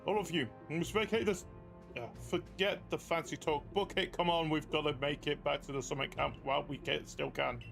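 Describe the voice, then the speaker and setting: Man doing a gruff Cockney commander. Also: on the high side, steady tone, a little fast, fairly bright tone, soft background music. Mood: urgent. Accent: put-on Cockney. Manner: blunt, barking orders. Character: gruff male expedition commander, urgent.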